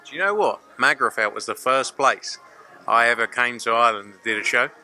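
A man from Romford, a boxing promoter telling rambling, animated stories in a casual interview. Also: mid-range voice, a little fast, faint music behind. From Romford, England.

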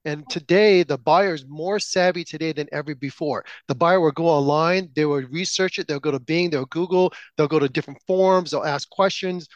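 A man's voice: a little high, normal speed, few pauses, no echo, lo-fi sound. A man hosting a business podcast, talking emphatically in a folksy way and piling up everyday examples. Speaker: podcast host. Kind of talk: conversational interview commentary.

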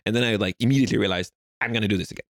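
A man's voice: lowish voice, rapid-fire, no room sound, studio quality. A young Swedish man telling stories in a casual interview, rambling with lots of fillers. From Sweden. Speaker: guest.

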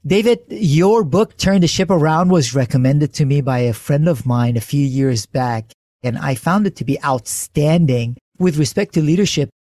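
A man's voice: fairly high pitch, moderate pace, a little mellow, no room sound, clean studio sound. A man hosting an interview podcast, welcoming and praising his guest with enthusiasm. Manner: enthusiastic, complimentary. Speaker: podcast host.

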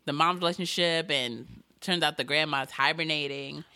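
A woman co-hosting a casual show recap, chiming in often and expressive. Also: low-pitched, normal speed. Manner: expressive, laughs often, chimes in. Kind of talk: casual chat.

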